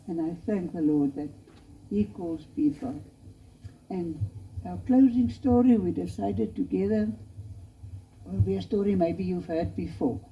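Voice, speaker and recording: A woman preaching a missionary appeal in a church chapel, earnest and pleading as she tells a story. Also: lowish voice. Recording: lo-fi dull recording.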